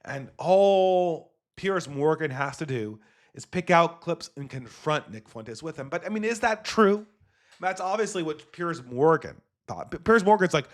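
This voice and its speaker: A man with a somewhat high, animated voice speaks a little slowly as he hosts a solo commentary podcast. His talk is casual, rambling and digressive, with occasional swearing.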